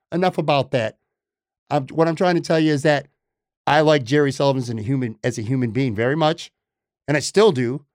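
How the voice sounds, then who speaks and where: A man's voice: on the high side, darkish tone, no room sound, studio quality. A man hosting a sports podcast, delivering an emphatic, opinionated monologue that repeats points for stress. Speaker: podcast host.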